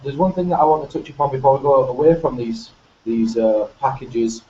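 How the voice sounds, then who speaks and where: Northern English man, mellow, echoey and distant. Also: medium pitch, fairly quick. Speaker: host. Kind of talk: casual panel chat. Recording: echoey, distant, muffled with faint noise.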